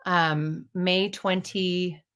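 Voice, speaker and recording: This is a woman in her fifties with a somewhat low voice, recounting a personal story. She speaks candidly and wanders off into digressions, dropping casual swear words along the way. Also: steady tone, takes it slowly, fairly bright tone. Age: 50s. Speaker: storyteller and playwright.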